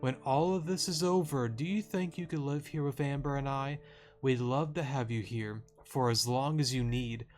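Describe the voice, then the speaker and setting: A man reading the lines of a kind, grieving mother from a video game in a slow, plain voice. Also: mid-range voice, faint music behind, close to an everyday voice. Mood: gentle. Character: kind grieving mother, adult woman, gentle and earnest.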